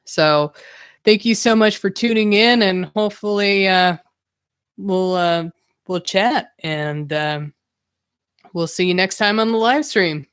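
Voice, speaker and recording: A woman's voice: medium pitch, takes it slowly, fairly bright tone, clean tone, no room sound, studio quality. A young woman hosting her own podcast live stream, talking candidly and a bit ramblingly. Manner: candid, rambling, self-reflective. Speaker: podcast host. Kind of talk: casual solo live-stream talk.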